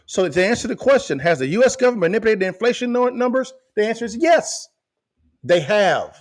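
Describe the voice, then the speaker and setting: Guy hosting a podcast, fired up, keeps repeating himself, kinda high voice. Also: big pitch swings, brisk. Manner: emphatic, repeats phrases, rises to near shouting. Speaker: podcast host. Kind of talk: animated commentary to viewers.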